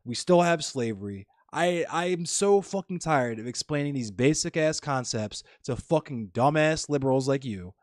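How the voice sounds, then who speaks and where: A man's voice: medium pitch, animated, moderate pace, hardly any pauses, no echo, clean studio sound. A man streaming live, lecturing his chat in a heated, profane political rant.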